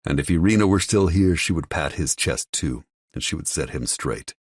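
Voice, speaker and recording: A man narrating an audiobook in the first person, telling the story in a measured, brooding way. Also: a bass voice, expressive, no room sound, clean studio sound.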